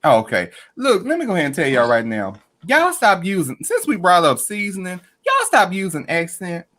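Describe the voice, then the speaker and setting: Animated podcast host, lively pitch. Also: male voice, normal speed. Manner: animated, swearing, laughs often. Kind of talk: casual group chat.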